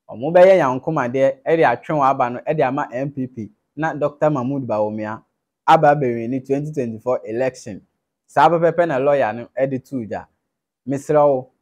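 A man's voice: medium pitch, darkish tone. Ghanaian male presenter wrapping up. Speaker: video presenter. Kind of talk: channel recap and sign-off.

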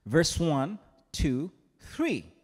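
A man preaching a sermon as pastor, animated and playful, often mimicking his congregation. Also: fairly high pitch, drawn-out words, husky. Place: large church hall. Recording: long hall reverb.

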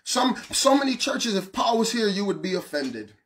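A man preaching a passionate sermon, asking the listener questions and shouting some lines. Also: high-pitched, big pitch swings, moderate pace. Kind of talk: fiery street-style sermon.

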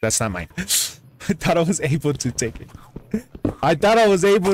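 Excitable male gaming streamer, slightly high, swings pitch all over, music playing behind. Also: normal speed, long pauses, heavy background noise. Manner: excitable, jumpy exclamations and sudden high yelps. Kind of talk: casual gameplay commentary. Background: background music.

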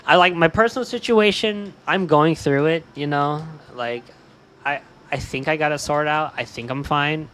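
A man's voice: on the high side, moderate pace, slight background noise. Downcast young man streamer, swearing, mumbling. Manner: swears a lot, says "dude", often trails off quiet. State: upset and stressed. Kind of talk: casual stream chat while gaming.

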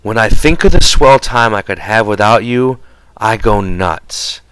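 A man voicing a weary, irritable working man who speaks gruffly and with exasperation. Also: on the low side, animated, a little slow, fairly bright tone, dry recording, poor audio. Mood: exasperated.

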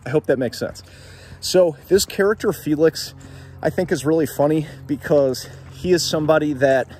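A man's voice: fairly high pitch, darkish tone, a little hiss or hum. A young man hosting a casual video about a novel, talking while walking along an outdoor street. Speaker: literature video host. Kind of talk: casual literary discussion vlog.

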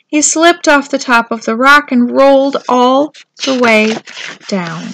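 A woman gently and expressively reading a children's storybook aloud. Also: a little high, vocal fry, no room sound, rough recording. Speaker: storybook reader.

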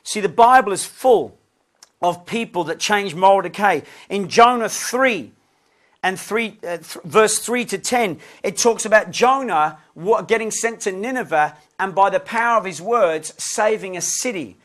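High-voiced man telling stories in a lesson. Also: measured pace. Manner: lively anecdotal, conversational asides. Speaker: preacher and lecturer. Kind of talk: lesson with humorous storytelling.

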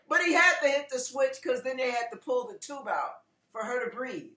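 A woman pastor preaching an impassioned online sermon, moving from hushed, slow teaching to tearful, shouting fervor. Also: high-pitched, echoey room.

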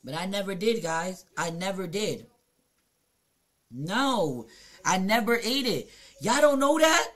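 A woman live streamer telling a blunt, profane story to her chat at home, her voice swinging between hushed and loud. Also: mid-range voice, sing-song, slow, pauses often. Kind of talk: casual confessional storytelling to chat.

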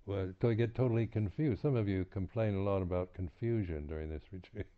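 A man with a low voice leads a reflective dharma talk as a meditation teacher on retreat. He speaks in a halting way, restarting frequently and repeating words, with soft chuckles between points. The recording has a tinny, lo-fi, phone-like sound.

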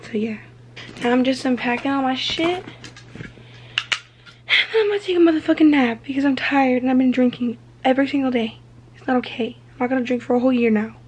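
A young woman vlogging at home, loud, giggly and chatty with plenty of swearing, her voice hoarse after days of drinking. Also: high voice, a little fast, slight background noise, rough recording. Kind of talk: casual vlog chat.

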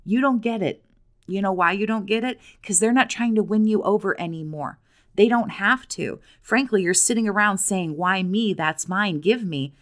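A woman's voice: medium pitch, normal speed. A woman speaking as a coach to abuse survivors in a direct monologue, blunt and profane, firing challenging questions at the viewer.

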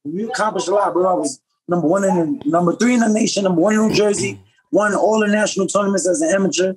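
A man from upstate New York, a professional boxer, telling stories as a podcast guest in a casual, slangy, animated way. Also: high voice, crowd noise, rough recording. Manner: fast, slangy, animated storytelling. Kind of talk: casual storytelling.

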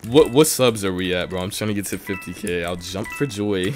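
A man streaming a video game and chatting with viewers, excitable and quick to yell, his voice a little strained from talking for so long. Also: low voice, faint music behind. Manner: excitable, breaks into yelling and laughing bursts. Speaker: streamer host. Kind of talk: casual gaming livestream commentary.

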